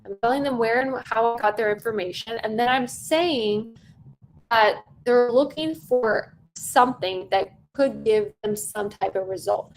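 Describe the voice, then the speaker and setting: A sales trainer with a voice on the high side, speaking at normal speed, coaches sales-call technique in a conversational lesson. She's emphatic, repeating key phrases for stress and often checking in with "right?". The recording is rough, with slight background noise.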